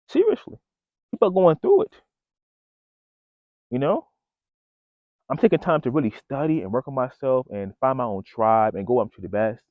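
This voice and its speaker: A man vlogs casually to his viewers, telling a story in a loose, slangy style and calling them bro and folks. His voice is mid-range, and the audio is dry and phone-like with no echo.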